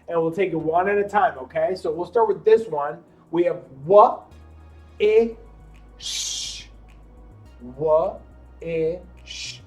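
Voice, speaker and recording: Male teacher for small kids, upbeat and encouraging, stretches each letter sound out, soft music underneath. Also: fairly high pitch. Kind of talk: classroom lesson for young children.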